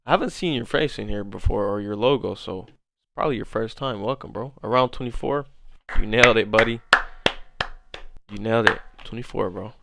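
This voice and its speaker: A man in his twenties hosts a forex trading livestream, reading chat and bantering casually while laughing hard and swearing a lot. His voice is lowish, brisk and gravelly, and the recording is very noisy.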